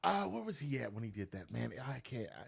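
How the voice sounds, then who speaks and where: This man's voice is brisk, creaky and slightly rough. A notary business owner, he tells stories casually in an interview, animatedly acting out the voices he quotes with big jumps in pitch.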